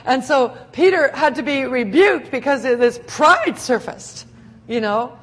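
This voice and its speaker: A woman preaching a sermon in an animated way, laughing often and acting out the scenes she describes. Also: sits high, measured pace, breathy edge.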